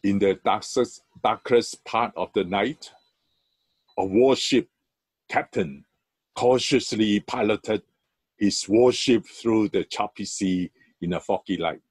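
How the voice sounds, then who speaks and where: A male church elder preaching at an unhurried pace, stressing key words with sudden lifts in his voice. The sound is dry and close, with no room reverb. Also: fairly low pitch, slightly rough. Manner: earnest storytelling, emphatic rises. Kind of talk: sermon.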